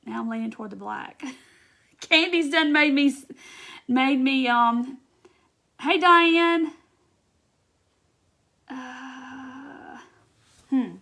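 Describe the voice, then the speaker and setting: A woman with a notably high voice hosts a live craft tutorial. She chats loosely as she works, stopping often to greet viewers by name and answer their comments. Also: extremely slow, gravelly, long pauses, bright, forceful tone. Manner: chatty, greets viewers by name while reading comments and working.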